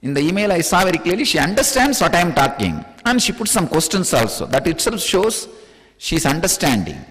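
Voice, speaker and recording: Playful Indian-accented man, high lively voice. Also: a little fast, in a large hall, rough recording. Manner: playful, laughs often. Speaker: spiritual teacher. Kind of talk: spiritual discourse.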